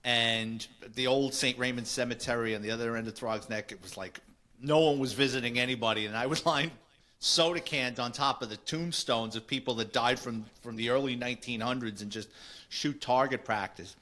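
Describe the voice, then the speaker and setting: A man's voice: medium pitch, fairly even intonation, moderate pace, sharp tone. A man with a New York accent hosting a podcast, chatting casually and recalling shared memories. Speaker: podcast host. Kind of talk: casual conversation.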